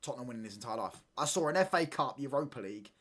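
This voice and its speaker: A man's voice: medium pitch, lively intonation, rapid-fire, fairly bright tone. A man, chatting casually on a football watchalong stream and often asking "do you get what I'm saying?". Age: 20s. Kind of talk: casual live-stream chat.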